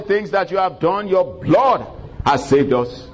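Man preaching a sermon, drawn-out praise. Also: fairly high pitch, animated, rough recording. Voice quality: old-fashioned scripture reading. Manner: preacherly, drawn-out calls of praise and call-and-response. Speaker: pastor. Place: church.

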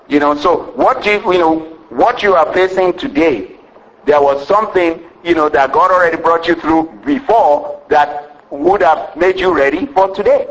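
A man preaching a sermon to a congregation, calling for amens and rising to excited shouts. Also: high voice, unhurried, poor audio. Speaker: pastor.

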